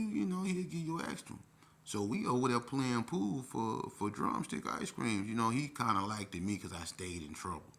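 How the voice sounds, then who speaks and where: A man telling a personal story in a casual, animated way, with lots of profanity. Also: low voice.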